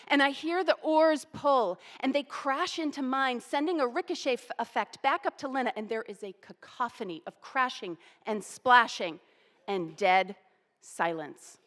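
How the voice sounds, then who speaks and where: Animated woman in her forties telling a story. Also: high-pitched, measured pace, big-room sound. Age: 40s. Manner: animated, self-deprecating. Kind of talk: personal storytelling.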